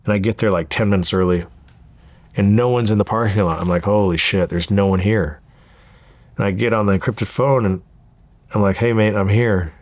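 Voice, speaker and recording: Deep guy in his 30s telling his story, does everyone's voices, dry close mic. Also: moderate pace, no room sound. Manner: animated storyteller acting out quoted dialogue. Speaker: interview guest. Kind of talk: storytelling interview.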